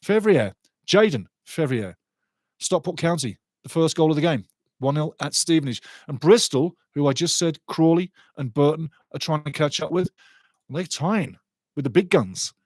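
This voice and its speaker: A man's voice: on the high side, animated, normal speed, a little mellow, no room sound. Chatty man reading football stats. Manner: chatty, reads out scores and stats. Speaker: watch-along host. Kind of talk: live football watch-along commentary.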